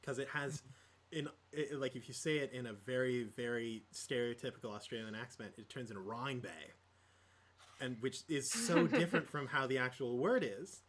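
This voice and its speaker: Podcast co-host, male, easygoing ramble, lots of ums and restarts, mid-pitched. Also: brisk, fairly bright tone, a little hiss or hum. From Midwest United States. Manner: rambling, many fillers and restarts. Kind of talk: casual chat about tabletop gaming.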